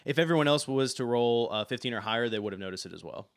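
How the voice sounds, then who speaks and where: A young man running a tabletop game as game master, narrating in a relaxed way with many fillers. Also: medium pitch, quick pace, no echo, clean studio sound.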